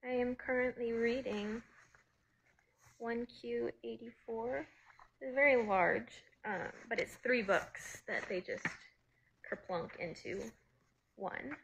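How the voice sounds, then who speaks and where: A woman chatting casually on a phone livestream, greeting viewers and reading their comments aloud in a breezy way, quick to laugh. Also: a little high, creaky, fairly bright tone, a little hiss or hum, low-quality recording. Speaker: actress hosting a livestream.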